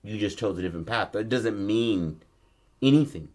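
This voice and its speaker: Low-voiced man telling a story casually. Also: normal speed, darkish tone. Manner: laid-back, profane, acts out lines in his story. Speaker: podcast co-host.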